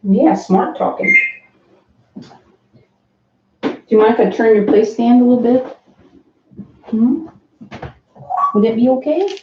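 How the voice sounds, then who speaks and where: A woman's voice: fairly high pitch, slow, pauses often, noisy background. Woman coaxing her parrot in sing-song. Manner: sing-song coaxing baby talk to the bird, chatty asides to viewers. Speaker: pet bird owner streaming live. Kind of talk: live stream, coaxing a pet parrot to talk. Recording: echoey room, slightly dull live-stream sound.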